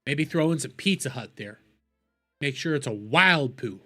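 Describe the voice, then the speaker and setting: A man's voice: mid-range voice, lively intonation, normal speed, bright, forceful tone, faint music behind. A man ranting profanely in a heated, mocking commentary as a streamer reacting to videos.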